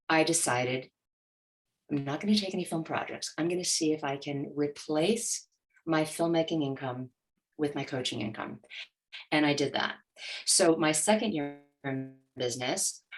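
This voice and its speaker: A middle-aged woman with a low, deep voice speaks as a coach in an interview. She tells her story with energy and often slips into the nervous inner voice she once had. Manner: animated, acts out her inner voice. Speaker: guest, money mindset coach.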